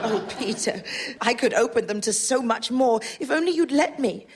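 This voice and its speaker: A woman's voice: on the high side, lively intonation, normal speed, husky. A woman playing a flirtatious university lecturer in a comic stage reading, swooning and theatrical. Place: live theatre audience.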